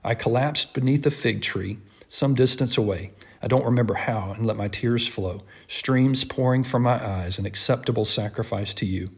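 A man giving an earnest, impassioned first-person reading of a classic text in a measured delivery. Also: medium pitch, gravelly, slightly rough.

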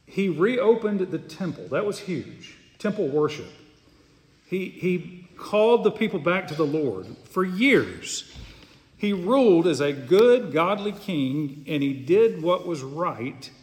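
A man's voice: high-pitched, sing-song, takes it slowly, darkish tone. A pastor preaching an earnest, emphatic sermon, often repeating words as he goes. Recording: long hall reverb.

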